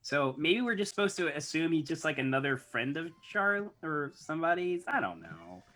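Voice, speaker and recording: A woman's voice: low-pitched, very animated, normal speed, fairly bright tone. A woman co-hosting a casual recap podcast, hesitant and self-correcting, with a wry tone. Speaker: podcast co-host.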